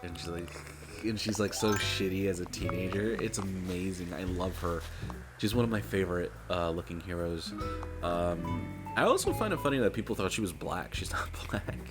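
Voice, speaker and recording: A man's voice: sits low, animated, moderate pace. A man streaming and chatting casually, rambling and profane, laughing often. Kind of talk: casual chat while gaming. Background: music.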